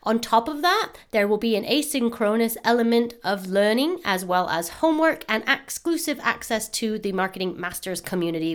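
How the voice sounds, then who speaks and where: A woman hosting a podcast, giving an upbeat, eager promotional announcement with animated emphasis. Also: fairly high pitch, normal speed, hardly any pauses. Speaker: podcast host.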